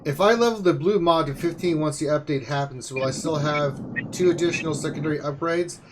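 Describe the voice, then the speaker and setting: Higher-voiced male host, faint hiss. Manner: brisk, reads questions out plainly. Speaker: host reading listener questions. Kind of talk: casual live Q&A hosting.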